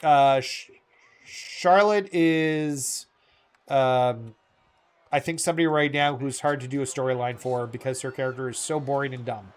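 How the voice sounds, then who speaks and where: A man live-streaming a game speaks in a mid-range voice, a little slowly. He rambles to his viewers in a casual, earnest, heartfelt way, filling his talk with fillers and correcting himself.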